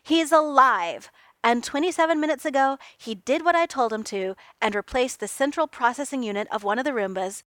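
A woman's voice: a little high, very animated, normal speed, a bit bright, no echo. A woman voicing a brash, impatient genius inventor, a grown man who talks in snappy, exasperated bursts.

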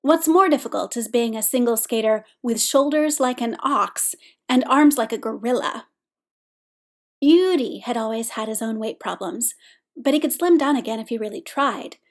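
A woman reading a story aloud in steady, scripted narration. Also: a little high, moderate pace. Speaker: audiobook reader.

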